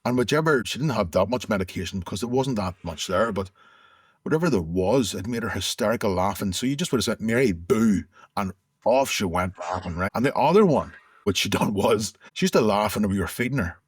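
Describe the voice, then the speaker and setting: A middle-aged man speaks in a low, slightly husky voice, recalling his past in a candid, conversational way and often restarting his sentences. The recording is close and dry, with little room sound around him. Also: expressive, fairly quick, no room sound. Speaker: interview guest. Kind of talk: candid personal storytelling.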